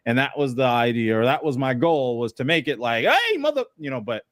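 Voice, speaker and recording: A man co-hosting a podcast, explaining things in a relaxed, halting way with lots of "um"s. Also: mid-range voice, no echo. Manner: relaxed, halting, many fillers. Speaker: podcast co-host. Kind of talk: casual chat.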